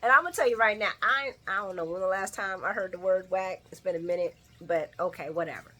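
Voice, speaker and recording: A woman's voice: medium pitch, fast, pushed and bright. A woman giving a casual recap of a soap episode, chatty and slangy, laughing often. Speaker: soap opera recap vlogger.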